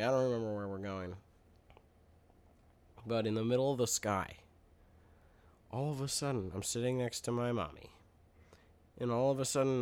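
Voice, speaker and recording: A man's voice: mid-range voice, clean tone. Man telling a rambling, playful story. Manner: rambling, playful storytelling with mock-childish exaggeration. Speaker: podcast co-host. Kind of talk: casual chat.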